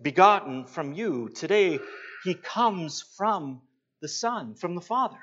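A man preaching a sermon, slow and emphatic, pausing to stress his points. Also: high-pitched, expressive, fairly bright tone, a little hiss or hum. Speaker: pastor. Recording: dull lo-fi sound.

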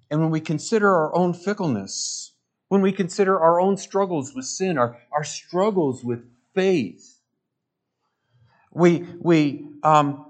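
Earnest pastor preaching, slow and emphatic. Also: male voice, fairly high pitch. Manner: earnest, rising to emphatic peaks with repeated words; asks the congregation direct questions. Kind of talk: sermon.

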